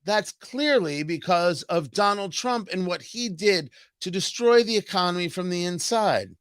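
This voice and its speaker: A man impersonating a pious male TV news host who muses slowly and hums before he answers. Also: high voice, lively intonation, fairly bright tone, smooth, no echo, clean studio sound. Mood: smug musing. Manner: slow, musing, drawn-out "hmm". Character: pious, pondering male cable news host, slow hmm-ing.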